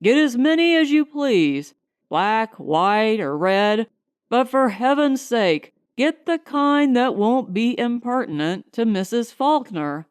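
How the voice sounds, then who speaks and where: A woman voicing a calm, polite male householder in close to her own voice. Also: a little high, slow pace, clear, resonant tone, no echo. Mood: courteous.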